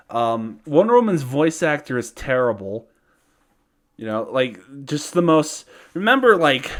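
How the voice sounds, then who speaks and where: A man giving a casual ranting review, profane and exasperated, often breaking into laughter. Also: fairly high pitch. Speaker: video reviewer.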